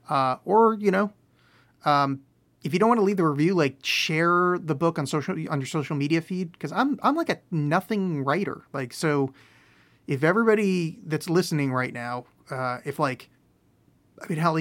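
A man's voice: medium pitch, fairly bright tone. A man hosting a solo podcast, rambling and self-deprecating with dry sarcastic asides, talking from a room at home. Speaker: podcast host.

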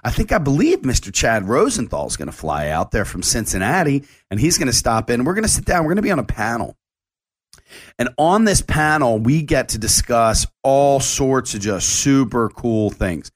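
A man's voice: medium pitch, sing-song, moderate pace. A man and chef hosting his own radio show, talking casually and rambling with lots of fillers.

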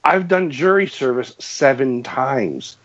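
A man's voice: mid-range voice, slow. Chatty man telling a story, lo-fi. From New England. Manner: animated, laughing storyteller who acts out the dialogue. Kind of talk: casual storytelling. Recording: muffled lo-fi sound.

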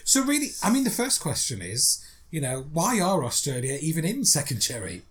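A man co-hosting a chatty podcast, his voice sitting a little high and moving a lot, with easy laughter running through his talk. He sounds upbeat and conversational. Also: normal speed. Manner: lively, laughs often. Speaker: podcast co-host. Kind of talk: casual chat.

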